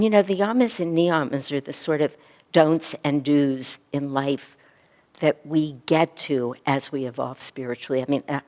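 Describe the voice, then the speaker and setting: A woman teaching a spiritual yoga class, talking earnestly and often softly to a group. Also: deep voice. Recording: echoey hall recording.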